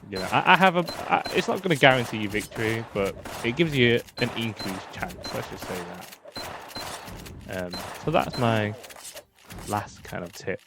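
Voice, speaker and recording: A man's voice: medium pitch, animated, moderate pace, background noise. A man giving casual, chatty tips while talking over his own gameplay footage, full of fillers.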